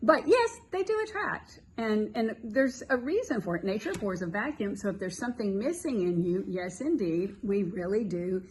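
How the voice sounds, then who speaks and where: A woman from the American South with a softened Southern accent, telling a story in casual chat and acting out the dialogue with lively laughter. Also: medium pitch, normal speed, hardly any pauses, a little hiss or hum, poor audio. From Southern US (Tennessee, North Carolina). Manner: animated, laughing, acts out quoted dialogue. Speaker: Christian counselor, co-host.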